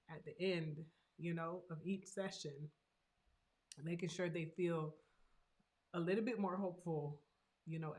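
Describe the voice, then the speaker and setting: A woman's voice: lowish voice, a little mellow. A woman, a therapist and host, talking earnestly and encouragingly about her own hard experience. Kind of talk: heartfelt personal talk.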